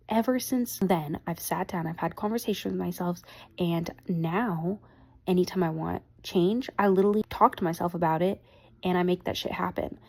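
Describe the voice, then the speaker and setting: A woman's voice: on the low side, creaky, darkish tone. A young woman hosting a podcast, chatting casually and rambling between tangents, swearing freely and speaking frankly. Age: young adult. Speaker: podcast host. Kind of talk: casual chat.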